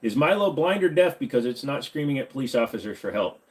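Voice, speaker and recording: Lively-voiced man hosting a chat stream. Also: medium pitch, fast. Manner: reads and answers viewer questions, joking; slips into a bad Southern accent. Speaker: live stream host. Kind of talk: casual live stream chat. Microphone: desk microphone.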